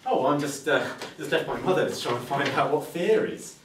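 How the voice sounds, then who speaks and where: A man's voice: fairly high pitch, a little fast, noisy background, close to an everyday voice. A man voicing a cheerful, fearless young boy who talks in a breezy, unbothered way, recorded from a distance in an echoey room. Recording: echoey room, mic far off.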